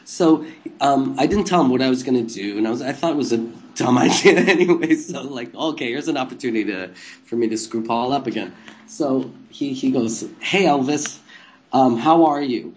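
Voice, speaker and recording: A man's voice: mid-range voice, a little fast, a little mellow. A man, a former live TV presenter, casually telling an anecdote in a rambling way, laughing often and swearing freely. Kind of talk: casual storytelling chat.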